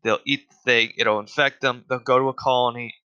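A man's voice: medium pitch, steady tone, fairly quick, bright, forceful tone, smooth, highs cut off. A man delivering a casual, profane solo rant, exasperated and full of fillers.

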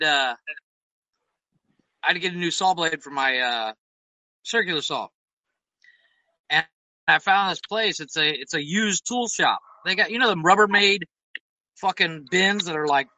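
A man's voice: on the high side, sharp tone, dry recording, rough recording. A middle-aged man in casual chat, laid-back and laughing often, swearing casually. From United States.

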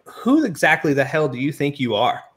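A man's voice: fairly high pitch, big pitch swings, normal speed, fairly bright tone, pitched above the performer's own voice. A man doing a blustering wrestling boss. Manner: blustering, authoritative. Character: bossy male wrestling executive, blustering.

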